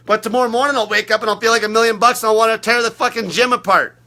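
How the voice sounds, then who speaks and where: A man coaching on fasting in a blunt, aggressive monologue full of constant swearing. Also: very high-pitched, fairly even intonation, sharp tone. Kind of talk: profane ranting monologue.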